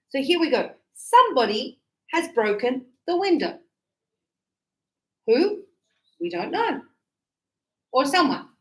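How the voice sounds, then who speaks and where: High lively aussie woman teaching english, acts out examples, echoey room. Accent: Australian. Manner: lively, explains with acted examples. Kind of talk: live grammar lesson.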